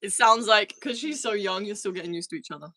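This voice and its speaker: A woman's voice: mid-range voice, fast talker, sharp tone, no echo, clean studio sound. A woman in her thirties hosting a casual live chat from a small converted shed, reading viewer comments aloud and laughing often. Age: 30s. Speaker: livestream host.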